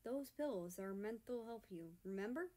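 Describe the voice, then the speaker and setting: A woman reading a storybook voices a gentle, caring young man who speaks softly and reassuringly. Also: on the high side, lively intonation, unhurried.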